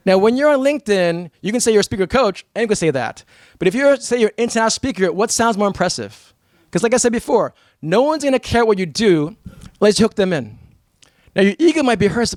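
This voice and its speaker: An American man from New York giving a blunt, energetic talk to a live seminar audience as a motivational speaker. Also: sits high, quick pace, no room sound. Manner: energetic, blunt and emphatic, with mock voices.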